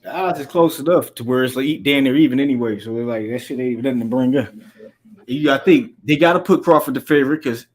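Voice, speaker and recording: A man's voice: medium pitch, fast talker. A man on a boxing talk panel, making his case in a rambling, insistent way. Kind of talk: casual debate.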